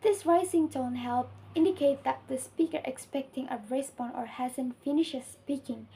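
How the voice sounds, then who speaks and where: A woman's voice: sits high, warm tone, husky, poor audio. Young Indonesian woman reading her coursework. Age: young adult. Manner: careful, earnest reading with small slips. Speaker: student. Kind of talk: reading a class assignment.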